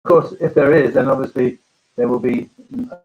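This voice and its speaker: Halting farmer hosting a live chat. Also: male voice, mid-range voice, husky, phone-quality sound. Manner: halting, full of ums and restarts. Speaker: farmer and live-stream host. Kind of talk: casual live-stream chat.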